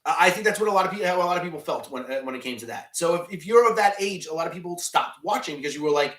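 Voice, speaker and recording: A man's voice: fairly high pitch, animated, quick pace, pushed and bright, roomy sound. A man hosting a live stream, chatting casually and rambling as he answers chat, often restarting his sentences. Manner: rambling, many restarts and fillers, reads chat questions aloud.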